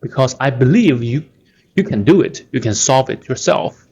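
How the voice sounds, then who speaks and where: A man's voice: medium pitch, animated, moderate pace, a little mellow, slight background noise. A man teaching a language lesson, explaining patiently and checking in often with "right?".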